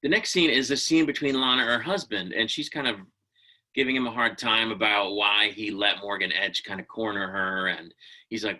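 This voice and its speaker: A man's voice: fairly low pitch, moderate pace, bright, forceful tone, low-quality recording. A man giving a casual, opinionated spoken review of a TV episode, ranting and often restarting his sentences.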